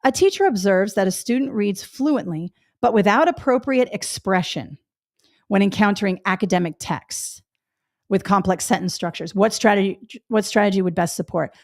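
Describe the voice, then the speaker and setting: A woman's voice: medium pitch, moderate pace, no room sound, clean studio sound. A middle-aged woman teaching a test-prep webinar in a chatty, emphatic way, repeating her key points. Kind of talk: webinar lecture.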